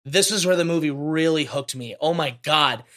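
A man's voice: fairly high pitch, normal speed, a bit bright. A man co-hosting a podcast, gushing emotionally about a movie in casual talk. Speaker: podcast co-host.

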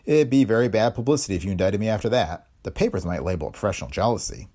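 A man voicing a calm, smug male private detective who explains blandly. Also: fairly low pitch, very fast.

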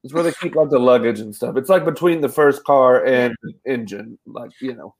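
A man's voice: mid-range voice, a little fast. A man co-hosting a movie podcast, chatting casually, stammering a little and acting out his own reactions. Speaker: podcast co-host. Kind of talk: casual movie review chat.

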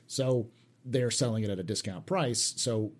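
A man's voice: lowish voice, moderate pace. Man hosting a casual panel chat. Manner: rambling, with many restarts and fillers. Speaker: show host reading viewer questions.

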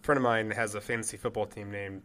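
A man's voice: lowish voice, fairly even intonation, quick pace, a bit bright. A man co-hosting a podcast in casual chat, easygoing and joking. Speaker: podcast co-host.

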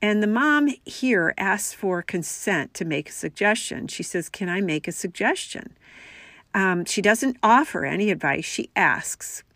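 A woman hosting a radio talk show, calmly coaching listeners on how to talk with loved ones. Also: medium pitch, unhurried, few pauses, dry recording. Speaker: radio show host and family communication coach.

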